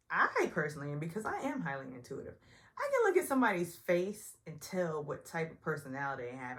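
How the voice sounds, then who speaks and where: A woman casually recapping a reality show, chatty and opinionated, often mimicking people in higher voices. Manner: chatty and opinionated, acts out quotes in high voices. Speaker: recap vlogger.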